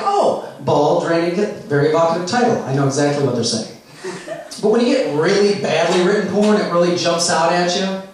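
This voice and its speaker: A man doing a stand-up comedy set, telling stories in a wry, conversational way on a club stage. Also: high voice. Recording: echoey club recorded from far off.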